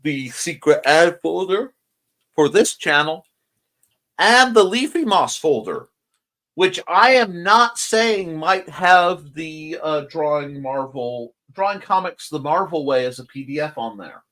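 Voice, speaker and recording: A man hosts a casual morning stream from his home room by a window, drowsy and yawning as he jokes, rambles, greets viewers and reads comments. His voice is on the high side and fairly bright, with lively intonation at a slow pace.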